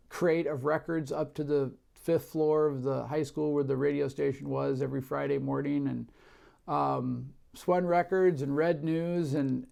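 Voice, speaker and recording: A middle-aged man telling his career story in an interview, relaxed, with many fillers and restarts. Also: fairly high pitch, vocal fry. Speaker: marketing director.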